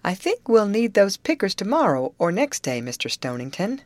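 A woman reading the lines of a calm, confident male overseer of an orange grove, who talks in a matter-of-fact, reassuring way. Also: medium pitch, moderate pace, no room sound, voice pushed up, close to an everyday voice.

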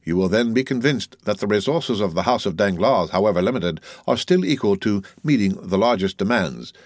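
A man's voice: on the low side, lively intonation, a little fast, no echo, clean studio sound. A man reading the part of a haughty, purse-proud banker who speaks arrogantly. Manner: arrogant, then flustered and fawning. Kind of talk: audiobook character reading.

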